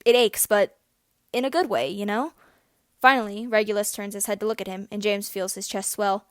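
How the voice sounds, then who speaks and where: A woman's voice: mid-range voice, fairly even intonation, normal speed, dry recording. Woman reading a story in a dry room. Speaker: audiobook reader. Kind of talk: reading fan fiction aloud.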